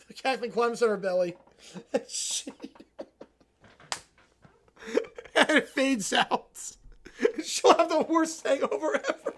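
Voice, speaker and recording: A woman streamer talks through a live reaction with a high, swooping voice that climbs and dips all over. She keeps an unhurried pace but stays excitable, tossing out exclamations as she comments. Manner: animated, excitable, breaks into exclamations. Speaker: livestream host.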